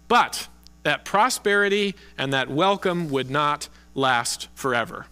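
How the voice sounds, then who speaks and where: A man delivering a church sermon in an earnest, deliberate way, stretching out the words he wants remembered. His voice is bright and forceful and sits a little high. A long reverb trails behind him, as in a large sanctuary. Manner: earnest preaching with slow emphatic stresses. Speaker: pastor.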